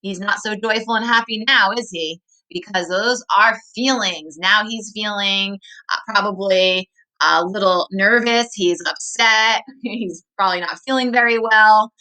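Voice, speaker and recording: A woman teacher reading a story aloud to children, stopping to ask questions and slowing to stress key words. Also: medium pitch, sharp tone, poor audio.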